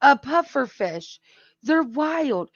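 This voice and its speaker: A woman hosts a casual livestream, talking in an unhurried way and laughing often between remarks. The sound is close and dry, with the top end a little dull. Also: sits high, sing-song, no room sound. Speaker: livestream host. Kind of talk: casual chat.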